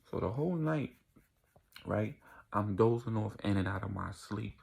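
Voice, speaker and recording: A man's voice: fairly low pitch, moderate pace, vocal fry, slightly rough. A young man telling a casual storytime vlog, acting out the voices of people in his story.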